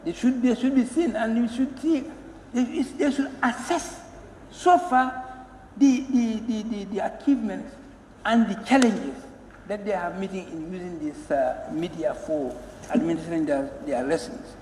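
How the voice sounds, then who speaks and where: A man speaks in a strikingly high voice, emphatic and pleading as he addresses parliament. He stumbles and repeats words before pressing his point. The room rings with a long, roomy reverb and faint ambience behind him. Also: moderate pace, darkish tone, a little hiss or hum. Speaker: member of parliament. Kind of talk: parliamentary speech. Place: parliament chamber. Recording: echoey chamber with long reverb.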